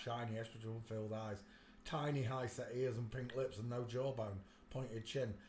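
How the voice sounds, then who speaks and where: Male streamer, rambling and animated at times, roomy room sound with faint ambience. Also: mid-range voice, a little hiss or hum. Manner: rambling, talks to himself while searching pictures; gets loud and animated telling stories. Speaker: livestream host. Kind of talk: casual livestream commentary.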